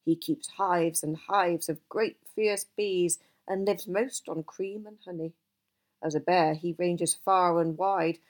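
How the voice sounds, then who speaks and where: A woman voicing an old male wizard who is gruff and easily cross, talking emphatically in a storybook reading. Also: on the low side, steady tone, takes it slowly, darkish tone. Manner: emphatic, exasperated outbursts.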